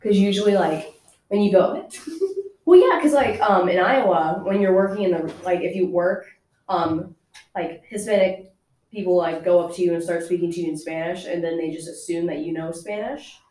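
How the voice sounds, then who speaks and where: A woman's voice: on the low side, moderate pace, warm tone, reverberant, poor audio. A young woman chatting casually with a student group, full of fillers and laughing asides. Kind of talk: casual chat.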